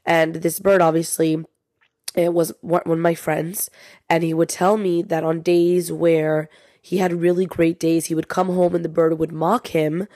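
A woman's voice: fairly low pitch, level tone, a little slow, a little mellow, dry recording, clean studio sound. A young woman hosting a podcast, talking casually and confidingly to listeners while she is sick. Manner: chatty, confiding, says "you guys" often. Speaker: podcast host.

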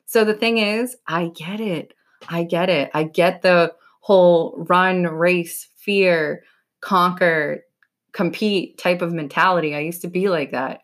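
Young woman, podcast host, lowish voice, blunt, swears a lot, casual pep talk. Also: steady tone, takes it slowly. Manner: blunt, swears freely, lots of "like".

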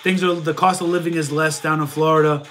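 A man's voice: a little high, little pitch movement, quick pace, a bit bright, a little hiss or hum. A man hosting a casual livestream, reading viewer questions aloud and answering them, with a stuffy nose. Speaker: livestream host and reseller.

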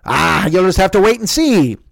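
A coy, teasing restaurant social media voice, put on by a man who stretches every evasive reply into a singsong tease. It sits higher than his usual voice and swoops around. The sound is dry and close. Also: sing-song, vocal fry, a bit bright, no room sound, full character voice. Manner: teasing, drawn-out, cryptic.

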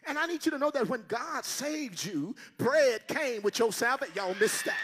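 An older man preaching a sermon as a guest pastor, shouting in call-and-response. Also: very high voice, lively intonation, moderate pace, hardly any pauses, breathy edge, some chatter behind.

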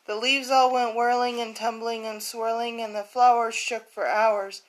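A woman's voice: fairly high pitch, level tone, moderate pace, lightly acted, low-quality recording. A woman voicing a group of anxious monkeys in a picture book, pleading in rhymes.

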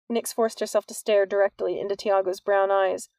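Gravelly woman narrating a novel. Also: medium pitch, level tone, normal speed, few pauses, a little mellow, dry recording. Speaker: audiobook narrator. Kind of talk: scripted narration.

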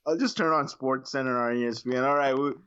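A man in his thirties chatting casually on a podcast, laid-back, quick to swear and laugh. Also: medium pitch, a bit bright, smooth. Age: 30s. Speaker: podcast co-host. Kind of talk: casual chat. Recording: dull lo-fi sound.

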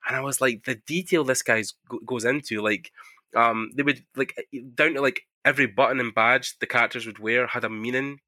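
Man, quick talker, bright tense tone, casual swearing host. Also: medium pitch, no room sound. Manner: fast, swearing, animated storytelling. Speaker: podcast host. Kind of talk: casual interview chat.

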